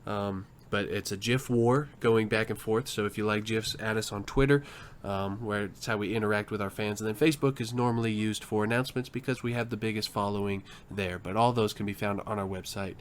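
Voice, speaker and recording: A man with a fairly low voice co-hosts a casual podcast. He talks in a loose, rambling way, with lots of ums and restarts. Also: fairly even intonation, a little fast, hardly any pauses, a little hiss or hum. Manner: rambling, hesitant with many fillers. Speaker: podcast co-host. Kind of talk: casual chat.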